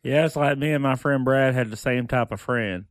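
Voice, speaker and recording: Man, podcast guest, casual chat, blunt, curses heavily, clear smooth voice, dry recording. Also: mid-range voice, normal speed, no echo. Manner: blunt, heavy cursing.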